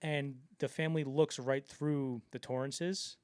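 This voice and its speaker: A man's voice: medium pitch, steady tone, a little slow, smooth, no room sound. A man co-hosting a film podcast in casual chat, rambling with lots of fillers and acting out the quotes he retells. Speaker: podcast co-host.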